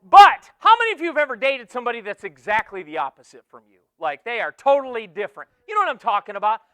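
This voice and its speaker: Animated, playful man with a bright high voice. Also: fast talker, smooth, no room sound. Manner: animated, jokey, audience-teasing, swings from loud to hushed. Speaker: keynote speaker. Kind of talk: energetic motivational keynote talk. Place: conference hall with a student audience.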